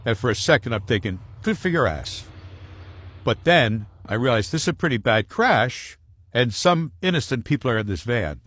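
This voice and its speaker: A man's voice: mid-range voice, big pitch swings, fairly quick, a bit bright, husky, no room sound. A man telling a story casually in a blunt, profane way.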